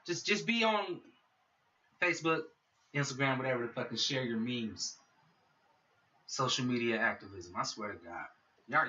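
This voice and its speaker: A man's voice: medium pitch, sharp tone, a little hiss or hum. Heated, cursing man ranting on a podcast. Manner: heated, profane, talks straight at listeners. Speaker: podcast host. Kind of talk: solo podcast rant. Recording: dull lo-fi sound, mic set back.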